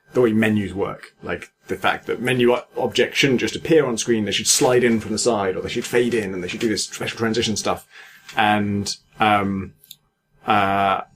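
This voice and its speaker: A man's voice: lowish voice, a little hiss or hum. A man co-hosting a podcast, speaking bluntly and swearing as he rants about game menus. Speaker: podcast co-host. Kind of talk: casual chat.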